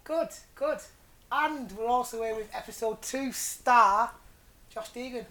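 A man hosts a podcast in a relaxed, easygoing way. He teases his guests and keeps the banter light and jokey. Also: extremely high pitch, unhurried. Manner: joking, teasing banter. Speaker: podcast host. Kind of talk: casual chat.

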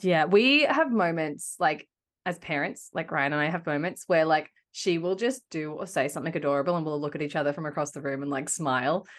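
Animated Australian woman in casual chat. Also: sits low, fairly quick. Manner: animated, laughs between anecdotes. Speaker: podcast co-host.

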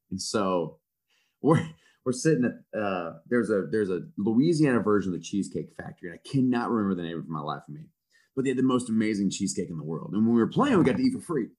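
A man in his thirties, a football coach on a podcast, telling stories in a profane, self-mocking, animated way. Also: low voice. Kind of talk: casual storytelling chat.

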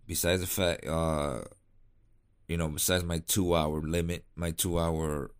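A man's voice: sits low, level tone, measured pace, clear, resonant tone. A man chatting casually on his vlog, laid-back and rambling, tired and yawning late at night. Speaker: cigar vlogger. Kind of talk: casual chat.

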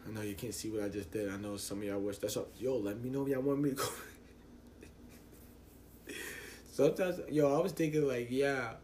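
A man's voice: medium pitch, fairly even intonation, a little fast, pauses often, a little mellow, slight background noise. A young man, hosting a casual solo podcast and ranting in a loose, profane, rambling way. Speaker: podcast host.

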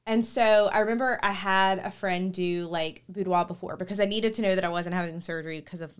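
A woman's voice: fairly low pitch, steady tone, a little fast, clean tone. A woman hosting a podcast, chatting enthusiastically and filling her talk with "like". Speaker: podcast host. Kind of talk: casual chat.

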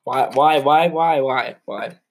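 A man's voice: medium pitch, takes it slowly, vocal fry, slight background noise. A young man co-hosting a casual podcast, rambling with lots of "like" and chuckling at his co-host. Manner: rambling, lots of "like" and restarts, easily amused. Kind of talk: casual chat.

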